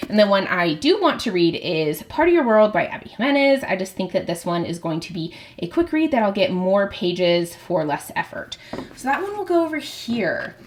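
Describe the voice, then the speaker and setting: A woman book vlogger chatting casually to her viewers, excitable and nervous, with quick giggles. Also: medium pitch. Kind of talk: casual vlog chat to camera.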